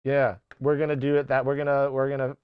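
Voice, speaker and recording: A man's voice: mid-range voice, completely flat delivery, fast, clear, resonant tone, no room sound, dull audio. A man casually chatting to his live-stream audience, rambling and swearing, who keeps breaking off and sometimes slips into playful mock accents. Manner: rambling, swearing, self-interrupting. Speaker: music streamer.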